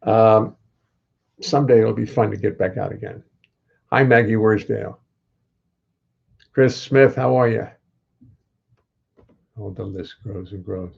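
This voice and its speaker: A man's voice: fairly low pitch, a little slow, creaky, pauses often, a little mellow, breathy edge, highs cut off. An older man hosting a casual livestream from his home, rambling in a wry way and greeting viewers by name.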